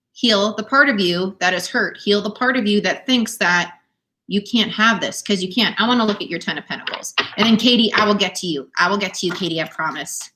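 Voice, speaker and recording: A young adult woman reads tarot cards live for her viewers from home. She talks in an animated, encouraging way and laughs often between her points. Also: mid-range voice. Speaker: tarot reader. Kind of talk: live-stream tarot reading. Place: home, dog nearby.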